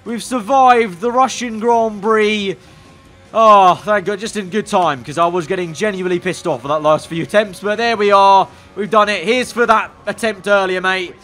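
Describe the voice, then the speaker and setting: A man commentating his own racing game run, excitable and breaking into loud exclamations when things go wrong. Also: sits high, brisk, few pauses, faint music behind. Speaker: gaming YouTuber.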